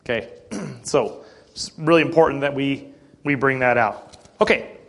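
A man teaching a morning Bible class in a conversational way, often clearing his throat and checking in with "okay?" and slowing to stress key words when he reads scripture. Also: mid-range voice, a bit bright, slight background noise.

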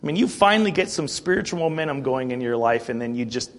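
A male pastor giving a conversational sermon, plain-spoken, asking the congregation rhetorical questions and often clearing his throat. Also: medium pitch, expressive, fast talker, few pauses.

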